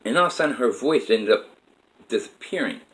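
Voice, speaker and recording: A man's voice: mid-range voice, animated, a little fast, a bit bright, rough recording. A man telling a personal story in a rambling, emphatic way with many fillers.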